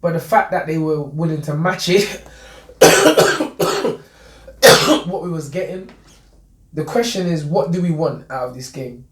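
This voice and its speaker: A boxing manager talks emphatically, repeating his points and boasting as he tells stories. His voice sits a little high for a man and echoes in a roomy space. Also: measured pace. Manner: emphatic, repetitive, boastful storyteller. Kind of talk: interview guest telling stories. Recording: echoey room.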